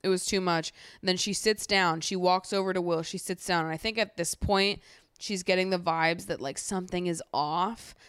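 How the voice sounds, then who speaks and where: Female podcast host, casual recap rant, low smooth voice on a dry close mic, exasperated and profane. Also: normal speed, no echo. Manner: animated, swears freely, exasperated ranting.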